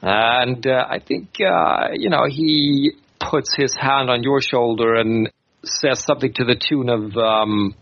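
A man's voice: medium pitch, takes it slowly, no echo. A man narrating as game master of a tabletop game, hesitant and full of fillers. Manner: hesitant, with many fillers and restarts. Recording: dull lo-fi recording.

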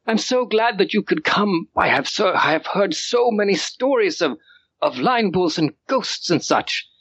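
A man voicing a small, excitable boy lord who acts older than he is, with affected, formal speech during a tabletop game. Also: sits high, a little slow, breathy edge, dry recording, lo-fi sound, voice pushed up, full character voice. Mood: excited. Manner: gushing, overly formal and childlike. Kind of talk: tabletop role-play voicing.

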